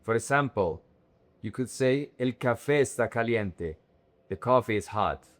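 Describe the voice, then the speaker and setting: A young man teaching vocabulary, saying words slowly and carefully and repeating them in drills. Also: mid-range voice, expressive. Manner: slow, careful word-by-word drilling. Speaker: Spanish teacher. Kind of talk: vocabulary lesson to camera.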